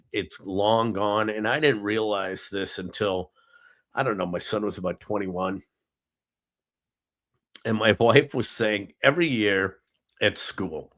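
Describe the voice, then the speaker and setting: A man's voice: lowish voice, fairly bright tone. A middle-aged man hosting a casual live talk show. He counts down gifts in a chatty, jokey, rambling way with lots of ums and asides. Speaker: host.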